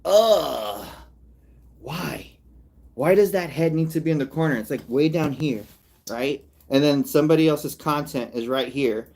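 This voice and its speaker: A man's voice: on the high side, moderate pace, darkish tone. A male artist and comedian in casual livestream chat, rambling and mocking, with frequent laughs.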